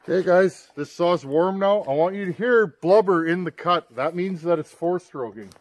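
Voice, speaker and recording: A plain-spoken man walks viewers through a hands-on repair, calling them "guys" and talking straight to them. His voice sits a touch higher than most men's. At times he pushes it louder, as if over a running engine. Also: moderate pace. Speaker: chainsaw repair demonstrator. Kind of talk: hands-on workshop demonstration.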